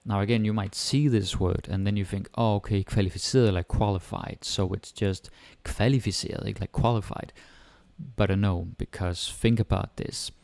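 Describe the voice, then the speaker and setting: A man with a Danish accent teaching a relaxed language lesson, explaining step by step and switching between English and Danish. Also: fairly low pitch, normal speed, vocal fry, no echo.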